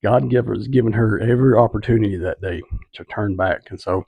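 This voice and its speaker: Gravelly man telling a testimony. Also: fairly low pitch, fairly quick, warm tone, no echo. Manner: conversational, asks listeners "right?". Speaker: street evangelist. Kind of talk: personal testimony storytelling.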